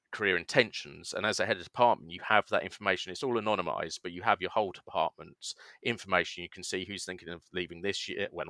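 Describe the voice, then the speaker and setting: Male guest, deep but bright and forceful tone, dry close sound, halting explainer. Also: no echo. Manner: hesitant, explanatory, many fillers. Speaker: guest, science education researcher. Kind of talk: conversational podcast interview.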